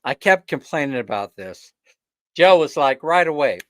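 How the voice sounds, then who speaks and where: A man hosting a casual livestream chat, ranting with animated energy and laughing often. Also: fairly high pitch, normal speed, no echo, clean studio sound. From not from the Philippines. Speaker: livestream host.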